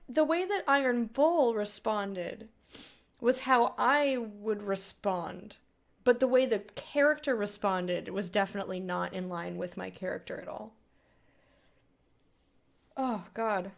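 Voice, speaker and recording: A woman with a slightly high voice chats through a game playthrough. Her commentary is casual and openly emotional, full of quick reactions. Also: vocal fry. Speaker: let's play host.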